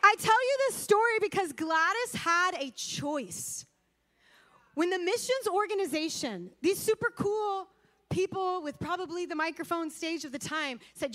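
A woman's voice: extremely high pitch, unhurried. A woman preaching a sermon, telling a story with energy, acting out quotes and speaking straight to her audience. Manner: lively, acts out quotes, addresses audience directly.

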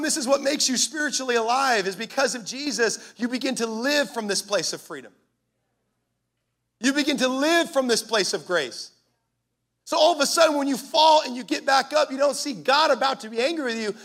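High, gravelly, bright-voiced preacher man. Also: brisk. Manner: impassioned, punchy preaching. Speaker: pastor. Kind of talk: sermon.

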